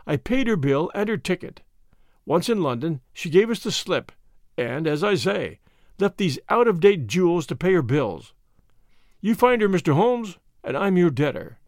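A man's voice: high-pitched, dry recording, studio quality. A man doing an oily, sneering swindler. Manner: oily, mocking. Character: burly unctuous swindler, smooth then sneering.

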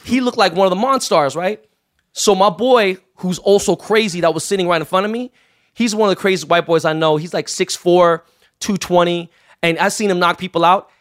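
Fast-talking profane storyteller man. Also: high-pitched. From Los Angeles. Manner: profane, animated anecdote-telling with voiced quotes. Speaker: guest. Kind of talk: casual storytelling chat.

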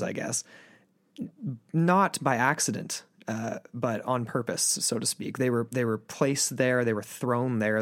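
A man's voice: mid-range voice, dry recording. A man co-hosting a casual podcast chat, enthusiastic and rambling, with lots of fillers. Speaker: podcast co-host.

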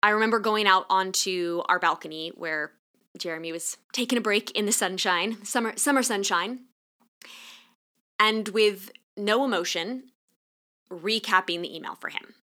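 A woman's voice: medium pitch, normal speed, bright, forceful tone. A woman podcast host in her thirties telling a painful personal story in an earnest, pointed monologue.

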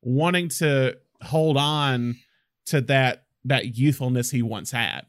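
Man, mid-pitched voice, excited film talk, dry close sound. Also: slow pace, dry recording. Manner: enthusiastic, acts out film quotes. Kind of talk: casual film discussion.

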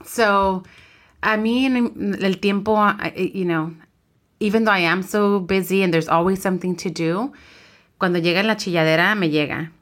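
A woman's voice: mid-range voice, steady tone, moderate pace, fairly bright tone. A woman, co-hosting a podcast, talking candidly and animatedly while switching between English and Spanish. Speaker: podcast co-host. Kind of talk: casual chat.

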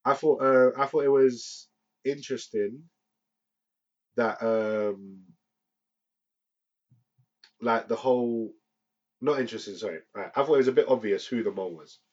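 A man's voice: medium pitch, a little slow, long pauses. A man co-hosting a casual film chat, joking and teasing his co-host. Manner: joking, teasing, laughs often. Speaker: podcast co-host. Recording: dull lo-fi sound.

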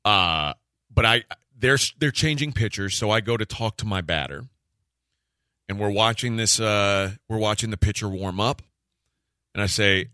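A man hosting a sports radio show, telling a story in casual chat, animated and acting out the quotes with frequent laughs. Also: on the low side, normal speed, smooth, dry recording, clean studio sound. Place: radio studio.

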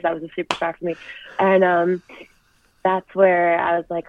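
A woman's voice: on the low side, monotone, moderate pace, a little hiss or hum. A young woman wrestler, chatting as an interview guest and telling stories in an upbeat way. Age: young adult. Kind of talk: casual interview chat. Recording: tinny phone-like line.

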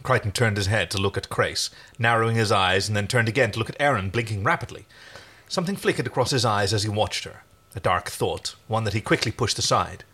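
Animated, husky-voiced male reader. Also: on the low side, a little fast. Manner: animated, jokey. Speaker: co-host reading a story aloud. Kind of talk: reading aloud with joking asides.

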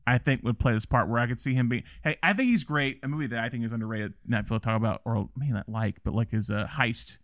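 A mid-pitched man with a Southern American accent chats loosely about films on a podcast, drifting between thoughts and voicing little quoted exchanges. The sound is dry and close to the mic. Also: quick pace, few pauses, no echo. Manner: chatty, rambling, with animated quoted asides. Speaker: podcast co-host. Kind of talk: casual film discussion.

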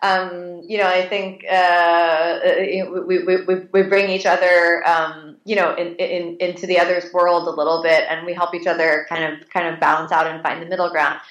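The woman, in her late thirties, speaks at a moderate pace with few pauses, her voice on the low side, a bit bright, and flat in delivery. As an interview guest she tells stories casually and animatedly, full of restarts and fillers, in an echoey room.

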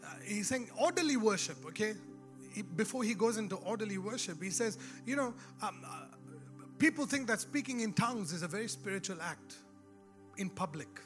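A man's voice: sits high, animated, moderate pace, fairly bright tone, soft background music. A man preaching a sermon in a church, in a conversational way with laughing asides, rising to emphatic exhortation. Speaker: pastor.

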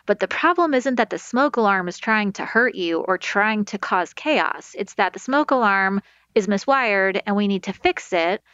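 A woman's voice: medium pitch, expressive, moderate pace, a bit bright, smooth, no room sound. A woman speaks as an expert guest on a talk show, explaining anxiety and feelings in plain conversational terms. She often acts out inner self-talk in quotes and reaches for metaphors. The sound is slightly dull and lo-fi, with a dry, close room. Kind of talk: conversational podcast advice.

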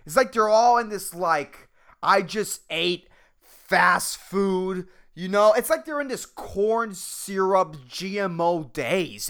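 Slow, drawling podcaster guy. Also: big pitch swings. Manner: rambling, profane, peppered with "man" and "dude"; low, soft-spoken drawl. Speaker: podcast host. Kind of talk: casual solo podcast rant.

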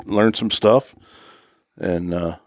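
A man's voice: low voice, steady tone, takes it slowly, no room sound, clean studio sound. A man, co-hosting a podcast and telling hunting stories in a folksy, drawling way. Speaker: podcast co-host. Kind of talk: casual chat.

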